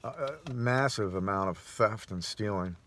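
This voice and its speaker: Rambling low-voiced man vlogging. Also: normal speed, fairly bright tone. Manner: rambling, with frequent restarts and chuckles. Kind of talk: casual personal monologue.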